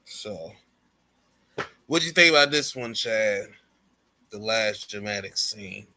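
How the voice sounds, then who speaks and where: A man's voice: lowish voice, animated, slow pace, bright, forceful tone. A man casually recapping a wrestling show on a podcast, storytelling with slang and acting out the wrestlers' lines. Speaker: podcast co-host.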